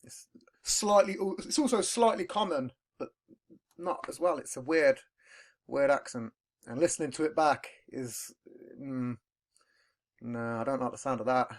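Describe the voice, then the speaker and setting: A British-accented man hosts a podcast, chatting casually and rambling along while swearing freely. His voice is medium-pitched with lively intonation and a slightly slow pace, in podcast-recorded audio.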